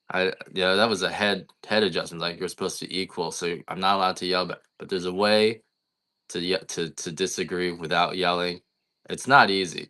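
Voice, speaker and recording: A man's voice: low-pitched, sharp tone. A middle-aged man who sells coffee on a livestream, chatting in a blunt, rambling, complaining way. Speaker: coffee farmer selling on a livestream. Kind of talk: casual livestream chat.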